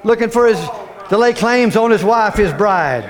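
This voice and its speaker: A man preaching a fervent sermon, repeating phrases and rising to shouts. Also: high voice, lively intonation, normal speed.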